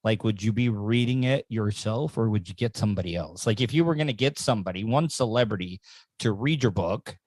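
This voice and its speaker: A man hosting a podcast in casual interview chat, rambling with quick asides and easy laughs. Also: fairly low pitch, darkish tone, no room sound. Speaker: podcast host.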